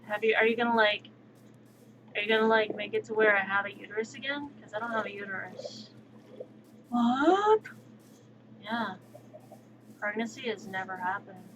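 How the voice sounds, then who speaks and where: A woman livestreamer chatting casually and outspokenly while she plays, with quick, sassy asides. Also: medium pitch. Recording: dull lo-fi stream audio with steady background noise.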